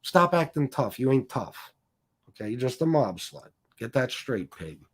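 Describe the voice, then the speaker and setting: A man's voice: mid-range voice, sing-song, normal speed, slightly rough. A man hosting a livestream, ranting combatively and swearing heavily as he taunts his critics. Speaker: livestream host. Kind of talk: profane livestream rant.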